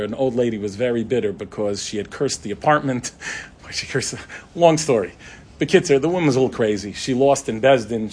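A middle-aged man, a rabbi, telling a story in an animated way, acting out the dialogue. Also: medium pitch, gravelly, slightly rough. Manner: animated, acts out dialogue in shifting voices. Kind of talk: storytelling talk.

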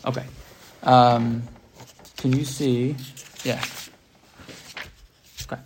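A man teaching a class, reading texts aloud slowly and explaining them, often checking in with "right?". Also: medium pitch, flat delivery, darkish tone, slight background noise. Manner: reads Hebrew texts slowly then explains. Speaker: Torah teacher. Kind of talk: text-based class lecture.

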